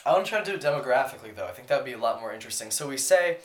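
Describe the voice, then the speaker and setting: A young man co-hosting a casual podcast, working through an estimate out loud with fillers and restarts. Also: mid-range voice, expressive, racing. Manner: hesitant, restarts, many fillers. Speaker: podcast co-host. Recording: echoey room, faint ambience.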